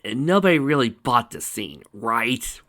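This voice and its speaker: A man's voice: medium pitch, big pitch swings, a little slow, a bit bright. Wry man reading fanfiction aloud. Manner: wry, rambling asides with fillers. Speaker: fanfiction reader and commentator. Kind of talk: casual reading with commentary.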